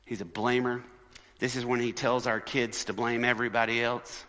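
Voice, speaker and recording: Man, sermon-style conference talk, animated and conversational, long echoing hall reverb. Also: mid-range voice, moderate pace. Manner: animated, conversational, shifts into quoted voices. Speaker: conference speaker.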